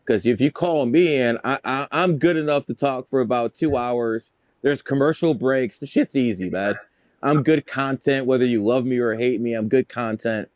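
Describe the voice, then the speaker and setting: A man's voice: medium pitch, moderate pace, darkish tone, no echo. A man telling stories as a guest in a casual interview, boastful, profane and rambling. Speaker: guest, numerologist.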